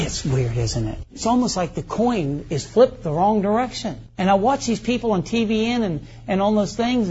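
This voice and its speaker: Husky high-voiced male preacher, lo-fi. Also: dark tone. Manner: folksy, conversational preaching with rhetorical questions. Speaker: pastor. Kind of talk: sermon. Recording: muffled lo-fi recording.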